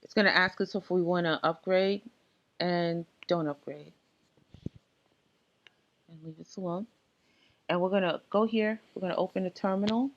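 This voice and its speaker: Clicking through screens, a woman talks viewers through a software setup in an easygoing, off-the-cuff tutorial. She has a somewhat low voice, pauses often on filler words, and the recording quality is dull and lo-fi.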